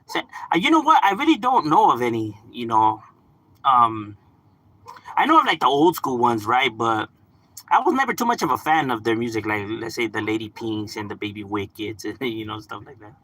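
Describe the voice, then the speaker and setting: A young man from Southern California chatting casually on a live stream, relaxed, swearing and laughing often. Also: medium pitch, normal speed. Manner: laid-back, laughs often, drops swear words and slang. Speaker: livestream gaming host.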